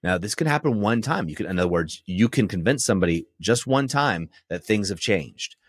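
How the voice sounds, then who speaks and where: Deep-ish husky guy doing a coaching podcast, firm and direct, keeps saying right?, lively pitch. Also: fairly quick, no room sound, clean studio sound. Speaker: podcast host and men's relationship coach. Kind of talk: coaching monologue.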